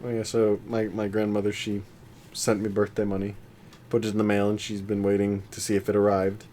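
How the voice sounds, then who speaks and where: A man's voice: lowish voice, completely flat delivery, fairly quick, dark tone, a little hiss or hum. A young man co-hosting a podcast in casual chat, laughing often and putting on voices when he quotes. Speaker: podcast co-host.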